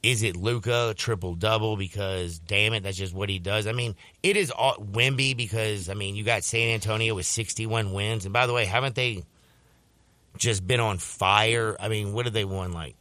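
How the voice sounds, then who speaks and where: A man hosting a sports radio show, telling a story in a casual, animated way and slipping into voices when he quotes people. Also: lowish voice, normal speed, no echo.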